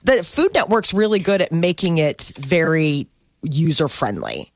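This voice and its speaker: Low-voiced woman co-hosting morning radio. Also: sing-song, measured pace, dry recording, studio quality. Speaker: radio morning show co-host. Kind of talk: casual radio banter.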